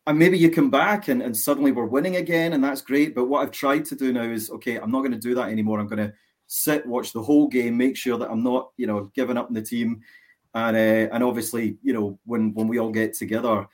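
A man's voice: mid-range voice, fairly even intonation, a little fast. A man from Scotland, a mild-mannered guest talking hesitantly in a casual interview. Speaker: guest fan.

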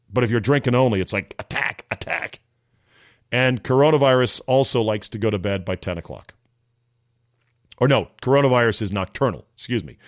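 A man's voice: mid-range voice, no echo, clean studio sound. A man hosting a daily sports talk podcast, riffing sarcastically on the news in a casual, joking way. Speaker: sports radio host. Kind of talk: casual solo commentary.

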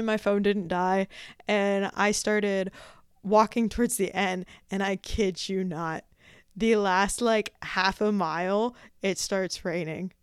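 A young woman tells a story on her podcast in a bubbly, self-mocking way, laughing often and acting out her own thoughts. Her voice is smooth and clear, at a middle pitch. The recording is close and dry. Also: no echo. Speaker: podcast host. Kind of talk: casual storytelling monologue.

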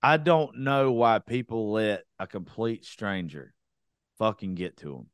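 A man's voice: on the low side, measured pace, smooth, no room sound, clean studio sound. A young man hosting a podcast, talking bluntly in a casual, profane rant. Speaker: podcast host.

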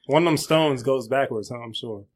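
A man teasing and joking with quick comebacks in a casual group conversation. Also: medium pitch.

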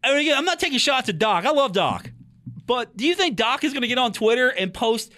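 Sports podcast guy in a talk booth, high voice that jumps all over, chatty and teasing. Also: fairly quick. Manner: animated, chatty, teasing his co-host.

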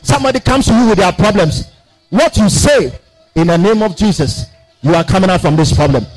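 A man preaching a sermon in a church, swinging from shouted declarations to quiet asides. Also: sits high, lively intonation, fairly quick, soft background music, poor audio. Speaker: pastor. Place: church sanctuary.

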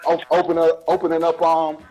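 A man co-hosting a podcast, teasing the others in loud banter. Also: on the high side, completely flat delivery, a little fast, faint music behind, rough recording. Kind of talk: casual podcast chat.

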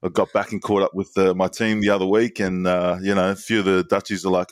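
Deep-voiced laid-back man. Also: flat delivery, fast talker, few pauses, no echo. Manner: laid-back storytelling with frequent ums and laughs. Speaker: podcast co-host. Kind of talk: casual banter.

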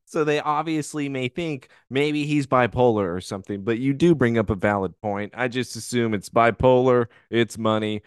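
A man with a smooth, resonant voice trades sarcastic, teasing banter in a casual podcast recap of a TV episode. He is recorded close and dry, with no room sound. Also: mid-range voice, normal speed, few pauses, no room sound. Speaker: podcast co-host.

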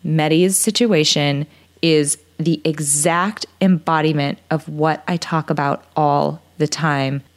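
A woman's voice: deep voice, fairly even intonation, slow pace. A woman in her thirties hosting a podcast, speaking earnestly and with feeling, closing an interview and giving a motivational recap. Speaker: podcast host.

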